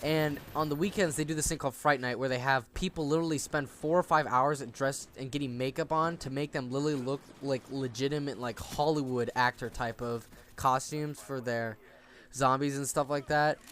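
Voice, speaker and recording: Profane ranting teen gamer. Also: male voice, mid-range voice, steady tone, a little fast, a bit bright, slight background noise. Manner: rambling, profane ranting with many restarts. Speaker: gaming channel host. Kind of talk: casual gameplay commentary.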